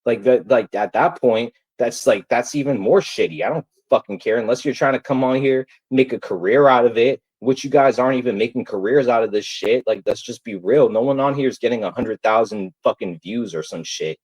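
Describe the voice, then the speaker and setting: A man's voice: medium pitch, fairly quick, hardly any pauses, darkish tone, poor audio. A man ranting angrily to his livestream viewers, heated, profane and repetitive. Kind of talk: angry livestream rant.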